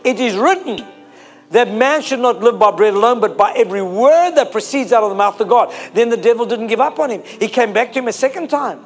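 A man preaching with a very high voice, pressing each point again and again and calling out to his listeners for an answer. Soft music plays faintly behind him in the service. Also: expressive, a little fast. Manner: repetitive, emphatic, calls on the listeners to answer. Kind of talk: sermon.

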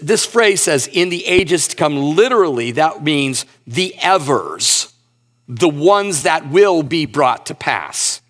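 This pastor's male voice is a bit bright and swings widely in pitch as he preaches earnestly. He takes scripture slowly and rises higher on the points that matter most.

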